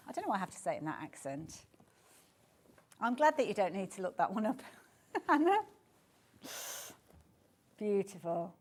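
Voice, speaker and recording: A woman's voice: medium pitch, very animated, moderate pace, long pauses. A woman presenting fabrics on a live TV sales show, chatty and gushing, praising each design. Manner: gushing, chatty, keeps saying beautiful. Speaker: shopping channel presenter. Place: TV studio.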